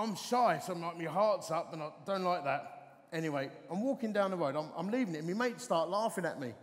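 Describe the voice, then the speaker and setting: A man, preaching a sermon as an animated, self-deprecating storyteller on a festival stage. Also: a little high, big-room sound. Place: festival stage in a large hall.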